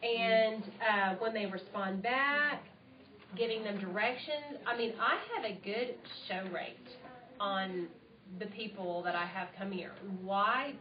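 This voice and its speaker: A woman's voice: mid-range voice, takes it slowly, slight background noise. Lady coaching a group, chatty and upbeat, far off in an echoey room. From United States. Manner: bubbly and enthusiastic, chatty. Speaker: sales trainer. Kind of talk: live training session. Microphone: tablet mic from across the room. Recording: roomy, distant, dull tablet stream.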